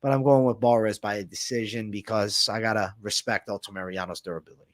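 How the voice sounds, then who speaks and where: A man's voice: fairly low pitch, fairly even intonation, fast, dry recording, clean studio sound. Casual slangy male fight-picks host. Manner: loose, joking, slangy. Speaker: MMA betting podcast host.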